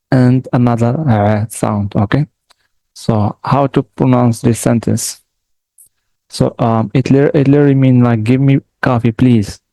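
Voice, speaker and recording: A man gives a patient language lesson, speaking slowly and repeating each word for the listener. His voice is mellow and gravelly with a rough edge. The recording is close and dry, with no room sound. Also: medium pitch, dry recording, rough recording. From Morocco. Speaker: language teacher.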